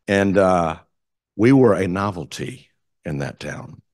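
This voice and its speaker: Southern US man, guest speaker, lively storytelling, low voice, dry close sound. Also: slow pace, no room sound. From South Carolina, US. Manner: animated, enthusiastic storyteller. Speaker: guest speaker, community theater director. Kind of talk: storytelling talk to a club.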